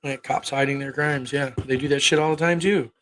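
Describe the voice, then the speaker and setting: A man's voice: medium pitch, fairly even intonation, a little fast, fairly bright tone, poor audio. A man in his thirties hosting a casual livestream, rambling and cursing bluntly as he talks to his viewers. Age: 30s. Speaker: livestream host.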